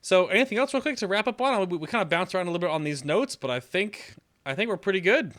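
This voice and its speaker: Bright-voiced guy hosting, chatty loose questions, lots of likes and ums. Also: high-pitched, lively intonation, fast talker. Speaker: podcast host. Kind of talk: casual interview hosting.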